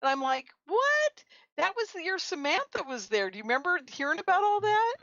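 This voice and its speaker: A woman guest on a radio talk show, telling lively stories and laughing often. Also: very high voice, fast talker, gravelly, no echo. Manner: animated storyteller, laughs often. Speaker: guest, conference organizer. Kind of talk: casual radio chat. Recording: muffled lo-fi audio.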